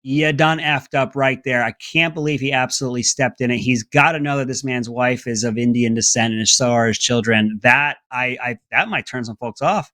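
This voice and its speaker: A man's voice: normal speed, few pauses, pushed and bright, no echo, studio quality. A man hosting an opinionated political commentary segment, talking in a mocking, sarcastic way. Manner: mocking, breaks into high mimicking voices.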